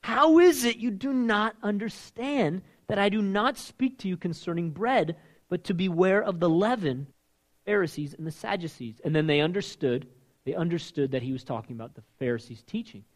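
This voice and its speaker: A young man preaching a casual, conversational sermon, emphatic and swinging between loud and hushed delivery. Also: high voice, lively intonation, moderate pace.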